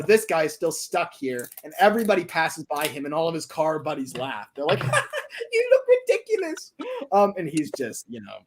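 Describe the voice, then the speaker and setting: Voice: medium pitch, a little hiss or hum. A livestreamer telling a story casually, rambling and restarting often. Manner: rambling, many fillers and restarts. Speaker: streamer.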